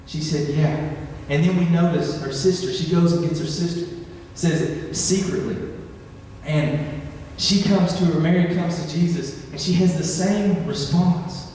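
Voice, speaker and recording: A man's voice: on the high side, mellow, distant mic, a little hiss or hum. Young man preaching in echoey hall. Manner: conversational and joking, builds to impassioned pleading. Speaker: campus ministry preacher. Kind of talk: sermon.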